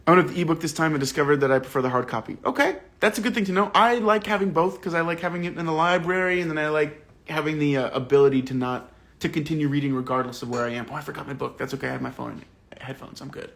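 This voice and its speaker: A man hosting a livestream book club, talking through the book and reading out viewer comments in a casual, animated, indignant way with slang and swearing. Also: fairly high pitch, very fast, creaky.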